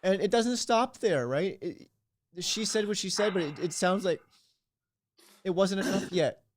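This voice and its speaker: A male podcast host with a notably high voice talks in an animated way, cutting in and restarting his sentences as he reacts. He leans into the conversation with his guest. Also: a little slow, slight background noise. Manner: animated, interrupts, stammers and restarts. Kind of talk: interview conversation.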